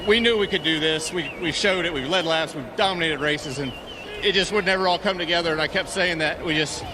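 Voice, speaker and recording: Winning driver rambling after the race, kinda high voice, noisy track all around. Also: male voice, fairly quick. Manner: rambling, with fillers and short laughs. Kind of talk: post-race interview. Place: outdoors at a racetrack. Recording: noisy outdoor track recording. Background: vehicle and track noise.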